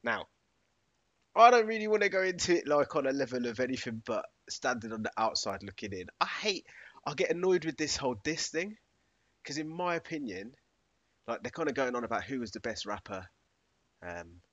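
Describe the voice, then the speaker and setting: A man's voice: medium pitch, lively intonation, normal speed, a bit bright, no echo, dull audio. A man, casually chatting on a podcast, laid-back and slangy, often laughing. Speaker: podcast co-host. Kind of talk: casual chat.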